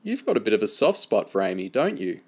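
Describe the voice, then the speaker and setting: Guy reading as a chill handler type, dry humour, steady and level, lowish voice. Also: fast talker, slightly rough. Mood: calm. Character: adult male handler, calm and dry-humoured.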